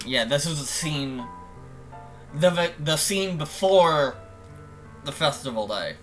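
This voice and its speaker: A man's voice: fairly high pitch, expressive, slow, fairly bright tone, faint music behind. A young man streaming a game, giving jokey, profane commentary and openly admitting his nerves.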